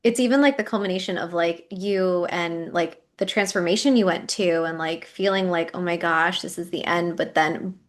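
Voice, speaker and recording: A woman with a fairly low voice hosts a podcast interview. She responds with short, supportive reactions and asks her guest questions in a relaxed tone. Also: normal speed, hardly any pauses. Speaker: podcast host. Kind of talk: casual interview.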